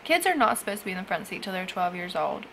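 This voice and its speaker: A young woman, a foster mother, talking in an emotional personal vlog, halting and tearful with sighs and trailing phrases. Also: medium pitch, very animated, a bit bright, a little hiss or hum, poor audio. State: emotional after crying. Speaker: foster parent vlogger.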